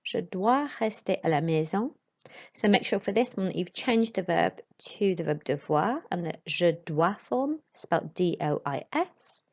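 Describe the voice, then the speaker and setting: A woman, teaching French to pupils and modelling each word slowly and clearly. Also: on the low side, animated, darkish tone. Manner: slow, careful modelling of pronunciation for pupils. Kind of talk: recorded classroom lesson. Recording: dull lo-fi recording.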